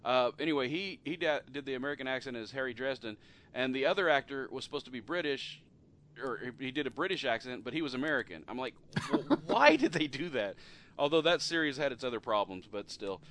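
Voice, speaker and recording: A man's voice: medium pitch, fast, pushed and bright. A middle-aged man hosting a casual podcast chat, talking loosely with frequent laughs and trailing off at the ends of sentences. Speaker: podcast host.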